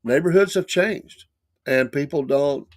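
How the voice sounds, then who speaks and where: A middle-aged man with a slightly high-pitched voice tells a long story. He hosts a morning show, and he stumbles and restarts as he goes. He acts out each quoted line with lively swings in tone. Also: measured pace. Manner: animated, acts out quoted lines with laughs and restarts. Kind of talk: casual storytelling monologue.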